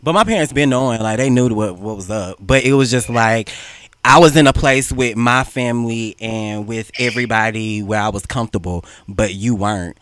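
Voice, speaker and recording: A man's voice: on the low side, moderate pace, fairly bright tone, clear, resonant tone. A young man hosting a casual podcast, talking bluntly and animatedly and swearing freely. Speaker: podcast host. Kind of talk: casual chat.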